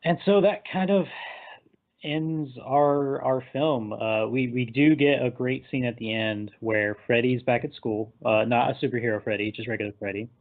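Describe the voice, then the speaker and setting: A man recapping a film in casual chat, animated and laughing, sometimes acting out the characters. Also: mid-range voice, normal speed. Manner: animated, acts out characters in quotes, laughs often. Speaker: podcast co-host. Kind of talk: casual movie discussion. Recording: tinny phone-like line.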